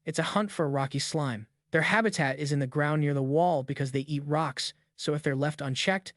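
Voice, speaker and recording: A man's voice: on the high side, no echo. Dry, close male recap narrator. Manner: even, brisk storytelling. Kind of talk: scripted story narration.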